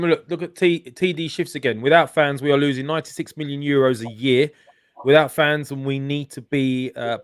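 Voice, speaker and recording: A man's voice: fairly high pitch, clean tone, no room sound, studio quality. A man hosting a casual live-stream chat, upbeat and talkative with plenty of fillers. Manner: upbeat, chatty, many fillers. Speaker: channel host.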